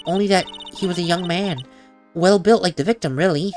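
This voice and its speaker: A man's voice: sits high, brisk, darkish tone, faint music behind, lightly acted. A man voicing a timid, unlucky young woman who stammers and apologizes, reading a game's text aloud. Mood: nervous. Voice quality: stammering, hesitant.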